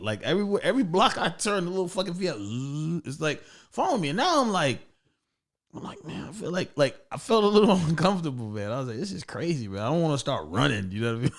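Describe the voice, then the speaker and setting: A man's voice: a little high, fast. A man, a comedian, telling stories in casual podcast chat, acting out the people in them with plenty of profanity. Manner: animated, acts out voices in stories, profane. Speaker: comedian guest. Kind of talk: casual storytelling.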